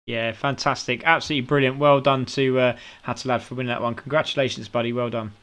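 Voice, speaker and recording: A man's voice: medium pitch, flat delivery, fast, a bit bright. A man with a British accent doing upbeat post-race interviews as a sim racing commentator, full of praise for the drivers.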